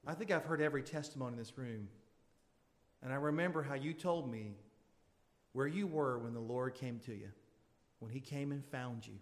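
A man preaching a sermon as pastor, pleading with his congregation and building to fervent appeals. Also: fairly bright tone. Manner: pleading, rising to fervent high-pitched appeals. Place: church sanctuary. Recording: long hall reverb.

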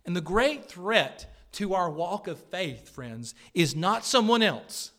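A male pastor delivering a Sunday sermon in a slightly high voice. He builds to loud, emphatic declarations, then drops to hushed, earnest appeals to his congregation. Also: expressive, takes it slowly. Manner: emphatic preaching, swinging between loud declarations and hushed pleas. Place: church service.

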